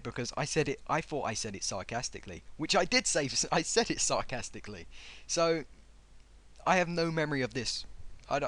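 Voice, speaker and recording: A man's voice: medium pitch, fairly bright tone. A young man casually reading out an online comment argument and answering it with sarcastic, mocking remarks.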